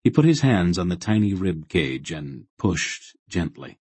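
A man reading a fantasy novel aloud in steady, measured narration. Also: sits low, husky, no echo. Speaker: audiobook narrator. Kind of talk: scripted narration.

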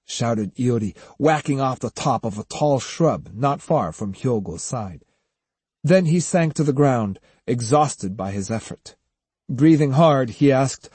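A man narrating an audiobook with a lively, swooping delivery. His voice is dark and husky, recorded close and dry. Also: mid-range voice, a little slow, no echo. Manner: expressive, acts out each character. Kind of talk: scripted narration.

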